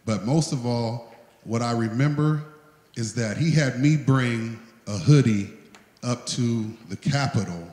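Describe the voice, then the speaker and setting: A man of middle pitch gives a heartfelt, plain-spoken tribute as the event's host. His voice rings with a long echo, as if from a big hall. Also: measured pace, darkish tone. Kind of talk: emotional tribute speech. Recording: echoey hall.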